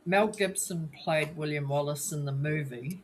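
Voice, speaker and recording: Relaxed, teasing podcast co-host. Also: medium pitch, normal speed, a little hiss or hum. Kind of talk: casual live podcast chat, storytelling.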